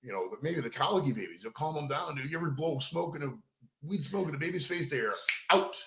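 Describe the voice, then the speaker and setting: A man's voice: on the high side, expressive, quick pace, a bit bright. A man hosting a live comedy chat show, joking loosely and swearing as he talks. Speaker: podcast host. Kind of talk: casual live-stream chat. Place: home studio in a room. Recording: roomy echo.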